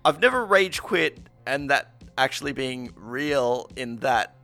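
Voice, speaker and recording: Lively, bright-voiced man telling stories. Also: medium pitch, measured pace, gravelly, soft background music. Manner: animated storyteller, acts out his own quotes. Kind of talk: casual chat.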